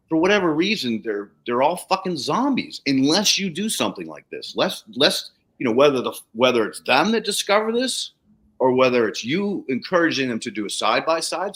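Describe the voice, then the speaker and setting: An animated man with a lively, wide-ranging voice spins a story on a casual livestream chat. He acts out the people he quotes and swears freely as he goes. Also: medium pitch, poor audio. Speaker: podcast host, soil treatment practitioner.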